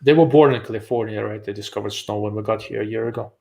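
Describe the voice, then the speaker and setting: A man's voice: on the low side, quick pace, creaky, a little mellow. A man from Russia, hosting a casual live-stream chat over a video call and cracking dry, blunt jokes. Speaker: host of a live show on rifle optics.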